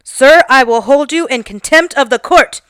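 A woman voicing a stern judge who delivers formal, measured rulings. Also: high voice, fairly bright tone, clear, resonant tone, no room sound, clean studio sound. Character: stern no-nonsense courtroom judge.

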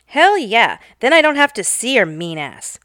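A woman voicing a rude, furious man in his late eighties who yells and curses. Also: a little high, big pitch swings, normal speed, dry recording, studio quality. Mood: furious yelling. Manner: yelling, cursing.

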